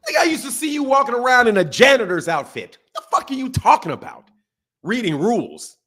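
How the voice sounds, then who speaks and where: This middle-aged boxing show host mocks his critics in a profanity-laden rant, speaking a little fast. His fairly high voice leaps in pitch as he alternates loud bursts with muttered asides.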